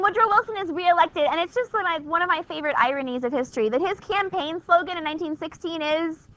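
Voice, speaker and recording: In a dull, lo-fi recording of a classroom lecture, a female history teacher keeps things chatty and wry, peppering her talk with rhetorical questions. Her voice is high, pushed, and bright.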